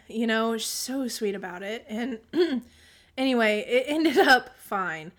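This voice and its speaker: Animated mom telling a story. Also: female voice, fairly high pitch, moderate pace. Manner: animated storytelling, acts out quotes; frequent throat clearing. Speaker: podcast co-host. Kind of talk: casual chat.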